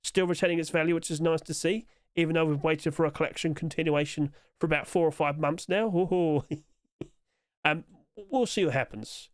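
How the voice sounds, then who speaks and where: Guy, upbeat rambling skins commentary, slightly high voice, chuckles often. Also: no room sound, clean studio sound. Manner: chatty, rambling, chuckles to himself; quick-talking, trying to rush through. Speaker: game skin commentator. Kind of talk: casual solo commentary.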